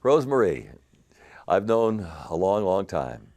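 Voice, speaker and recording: An older man, a game show host, telling stories in an interview with lively animated delivery. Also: lowish voice, a little slow. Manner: animated anecdotal storytelling with laughs. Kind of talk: storytelling interview.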